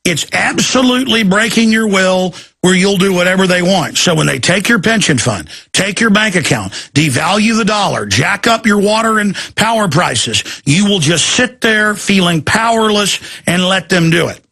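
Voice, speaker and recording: A man's voice: high-pitched, expressive, moderate pace, creaky, few pauses, bright, forceful tone. A man hosting a talk-radio show, delivering an agitated, ranting monologue.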